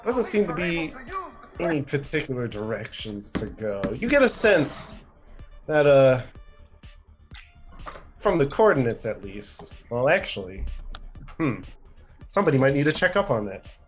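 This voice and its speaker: Slow, animated male game master. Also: mid-range voice, soft background music. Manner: halting, full of fillers and chuckles. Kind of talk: narrating a tabletop game.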